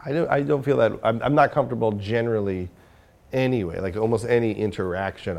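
A man being interviewed about his work as a comedian and filmmaker, with a gravelly, somewhat low voice. He talks candidly and self-critically and thinks out loud as he goes. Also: a little fast.

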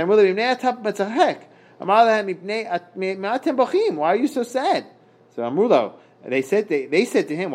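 A man teaching a Talmud page in a casual lesson. He reads Hebrew and Aramaic passages aloud, translates them, and talks haltingly, with many fillers and restarts. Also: fairly high pitch, darkish tone. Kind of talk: casual daf study lesson.

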